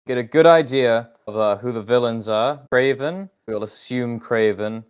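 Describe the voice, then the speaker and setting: A man in a casual gaming conversation, with a mid-pitched voice. He speaks steadily and raises questions to keep the talk moving. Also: normal speed, clear, resonant tone, lo-fi sound. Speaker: gaming channel co-host.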